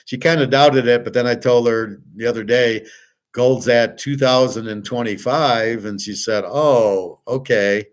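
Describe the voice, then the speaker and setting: A man's voice: mid-range voice, fairly even intonation, moderate pace. An older man hosting a show, talking in a rambling, blunt personal monologue with frequent profanity. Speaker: show host.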